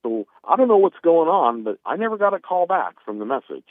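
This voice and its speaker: A man's voice: fairly high pitch, big pitch swings, brisk, no room sound. A man calling into a show, rambling as he signs off. His voice swings up and down with a lot of expression. The call comes through a thin, tinny phone line. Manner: rambling, friendly sign-off. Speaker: caller.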